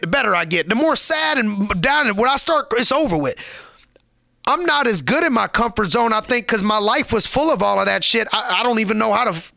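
A man's voice: extremely high pitch, creaky, bright, forceful tone, no room sound, studio quality. A man giving a motivational podcast monologue, preachy and emphatic, repeating lines for effect in casual street slang.

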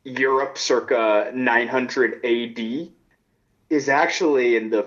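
A man's voice: mid-range voice, slow, fairly bright tone. A man in casual chat as a podcast co-host, spinning playful rambling theories. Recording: dull lo-fi sound.

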